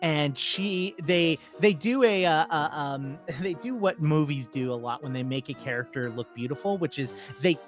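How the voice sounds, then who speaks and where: A man's voice: a little high, normal speed, few pauses, soft background music. A man co-hosting a casual movie review chat, retelling plots with many hesitations. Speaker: co-host, film reviewer.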